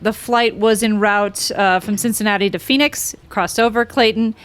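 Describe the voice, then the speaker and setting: Podcast host, woman, casual and rambling, middle pitch, lots of ums. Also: moderate pace, clear, resonant tone. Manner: rambling, excitable, many fillers. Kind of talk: casual chat.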